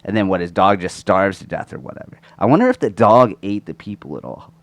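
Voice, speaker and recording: Rough-throated man in crude casual chat. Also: sits low, big pitch swings, fairly quick, no echo. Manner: crude, rambling, swears a lot. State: sore throat, coughing. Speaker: podcast co-host. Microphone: close microphone.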